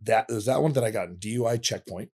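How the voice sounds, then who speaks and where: A man's voice: lowish voice, quick pace, darkish tone, slightly rough. A middle-aged man from California, a guest on a podcast, telling long rambling stories with casual swearing. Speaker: guest, veteran fighter. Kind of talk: casual storytelling.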